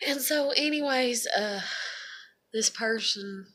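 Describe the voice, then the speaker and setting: A woman's voice: on the high side, slow, a bit bright, slight background noise. A woman talking casually to camera in a confessional vlog, rambling with lots of fillers and swearing. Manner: rambling, profane, many fillers. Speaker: vlogger.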